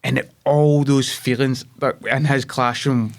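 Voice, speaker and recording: A man's voice: mid-range voice, steady tone, unhurried. Emotional Scottish man telling his story. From Scotland. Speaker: guest. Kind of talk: storytelling interview.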